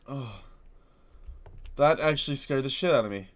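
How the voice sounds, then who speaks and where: A young man with a stuffy nose commenting on a horror game, muttering quietly to himself and then suddenly screaming. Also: normal speed, pauses often. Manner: jumpy, swings from low muttering to sudden screams. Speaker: gaming video host.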